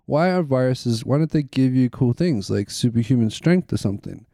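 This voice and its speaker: A man's voice: medium pitch, animated, moderate pace, vocal fry, dark tone, no echo. A man co-hosting a podcast, chatting casually and crudely, riffing jokes and bits. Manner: crude, joking, riffs in bits. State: coughing. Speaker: podcast co-host. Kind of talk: casual chat.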